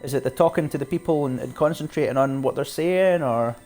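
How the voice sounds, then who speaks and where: A Scottish man from Glasgow talks easily to his viewers while playing. He asks them questions, laughs often and wanders from topic to topic. Quiet game music plays behind him. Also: mid-range voice, brisk. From Scotland, Glasgow. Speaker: streamer. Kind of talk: casual chat while playing a game live.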